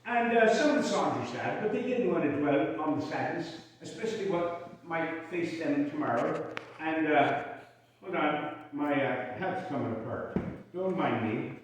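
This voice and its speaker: A man's voice: on the high side, animated, a little slow, a little hiss or hum. Folksy man telling tales in an echoey hall. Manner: jokey, folksy, chats with the audience. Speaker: Civil War songs and stories performer. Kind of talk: storytelling with sung songs. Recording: echoey hall from far off, with guitar.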